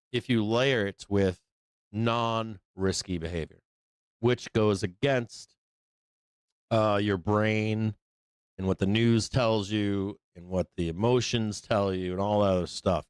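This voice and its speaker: A man's voice: fairly low pitch, unhurried, clear, resonant tone, dry recording. A man hosting a live trading stream, talking in a rambling, profane way full of fillers and mocking quotes of other traders. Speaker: livestream trading host. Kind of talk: casual live-stream commentary.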